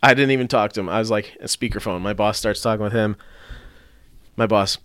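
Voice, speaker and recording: A man's voice: fairly low pitch, a little fast, smooth, no room sound, studio quality. A man telling a story in a casual podcast chat, swearing freely and acting out what other people said. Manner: animated storytelling, swearing, acting out quoted voices. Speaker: body shop worker telling a story.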